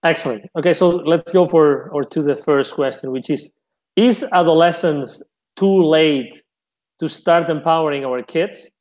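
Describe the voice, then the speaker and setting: A man's voice: fairly high pitch, unhurried, a little mellow. A man hosting an interview, introducing audience questions with some hesitation and restarts. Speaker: interview host. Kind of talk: interview moderation.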